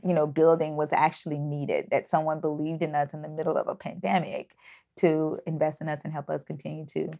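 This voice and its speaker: A woman's voice: sits low, level tone, a little fast, creaky, dark tone. A woman, a startup founder speaking earnestly in an interview, with many fillers and restarts. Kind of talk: casual interview talk. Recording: dull lo-fi audio.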